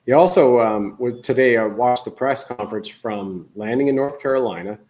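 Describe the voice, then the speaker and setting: Male livestream host, casual and rambling, average pitch, talks his way through his commentary. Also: normal speed, darkish tone, rough recording. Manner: rambling, conversational, restarts often.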